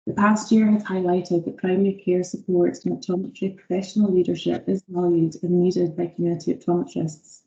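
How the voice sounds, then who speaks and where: A woman's voice: lowish voice, flat delivery, fairly quick, hardly any pauses, dark tone. A woman giving a formal presentation as optometry lead to a health board, reading prepared text with some fillers. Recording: echoey dull video call audio.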